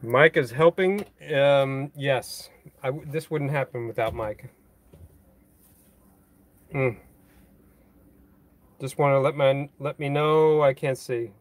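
At a slow pace with frequent pauses, a man with a mid-range voice hosts a phone livestream from a boatyard, holding the phone in hand. He meanders through viewer comments, joking at his own expense and laughing often.

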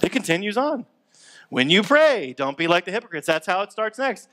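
A man's voice: sits high, big pitch swings, normal speed, sharp tone. A man preaching a sermon in a conversational, upbeat way, acting out everyday complaints to make his point. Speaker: pastor.

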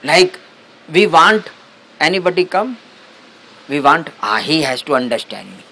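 A man with a somewhat high voice gives a reflective satsang talk. His English is halting and broken, full of restarts, and he takes his time over each thought. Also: very animated, pushed and bright, slight background noise, low-quality recording. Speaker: spiritual teacher.

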